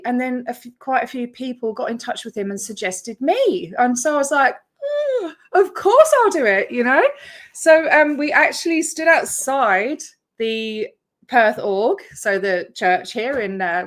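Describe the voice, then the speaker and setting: Chatty Australian woman livestreaming. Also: on the high side. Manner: chatty, rambling, greets viewers by name. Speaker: YouTube channel host. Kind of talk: casual livestream chat.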